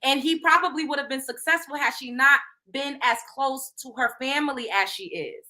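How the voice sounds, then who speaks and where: Animated, slangy woman host. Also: sits high, normal speed. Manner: slangy, animated, laughing asides. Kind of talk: casual celebrity gossip commentary.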